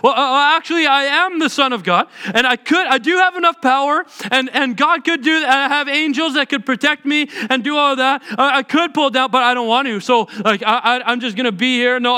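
A man voicing a flustered, exasperated figure who stammers and insists he is telling the truth. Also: bright, forceful tone. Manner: stammering, exasperated, high-pitched. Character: flustered man pleading to be believed.

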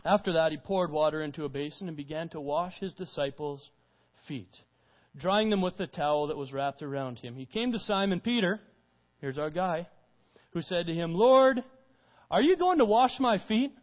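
A man's voice: fairly high pitch, normal speed. A man preaching a conversational sermon, retelling scripture informally in his own words. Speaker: pastor. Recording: dull recording with long hall reverb.

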